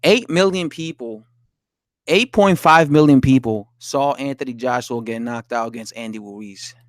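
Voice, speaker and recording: With a medium-pitched voice at normal speed, this man chats casually on a boxing live stream, recorded dry in studio quality. He reads his viewers' comments out loud and answers, swearing and laughing, with an indignant edge.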